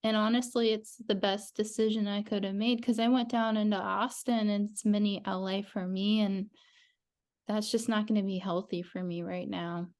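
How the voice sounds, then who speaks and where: A woman's voice: mid-range voice, steady tone, normal speed, a little mellow. A woman co-hosting a casual podcast, talking in an offhand, matter-of-fact way.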